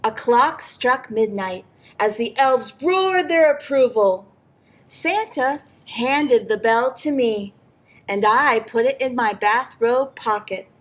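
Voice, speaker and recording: A woman reading a picture book aloud in an expressive storytelling manner for a library program. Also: high voice.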